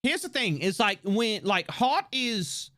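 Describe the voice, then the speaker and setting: In relaxed livestream chat, this streamer is excitable and quick to laugh, filling the talk with fillers and restarts. A pitch that's middling for its kind but swings a great deal keeps it animated and lively.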